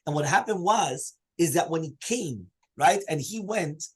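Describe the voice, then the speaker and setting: A man teaching a Torah class as a rabbi, telling stories with big swings in pitch and loudness. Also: measured pace, husky, low-quality recording. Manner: animated storytelling with swinging pitch and volume.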